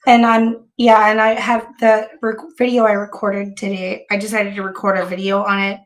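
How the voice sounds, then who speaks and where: A woman live streamer chatting casually to her viewers, hoarse with bronchitis, with heavy vocal fry and a rambling way of talking full of restarts. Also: medium pitch, little pitch movement, moderate pace.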